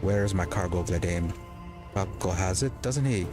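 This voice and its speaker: A man's voice: sits low, normal speed, close to an everyday voice. A man doing a scornful woman trader. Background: game music.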